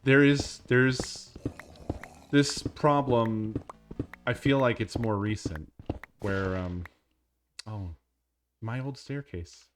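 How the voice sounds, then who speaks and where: A man's voice: mid-range voice, slow, long pauses, over music. A man streaming a game, chatting casually, laughing often, swearing and rambling. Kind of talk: casual gameplay stream chat.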